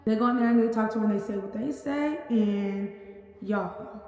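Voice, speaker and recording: Woman vlogger, quick chatty recap, very echoey room with a long reverb tail. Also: a little high, darkish tone. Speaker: YouTuber. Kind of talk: casual storytime vlog.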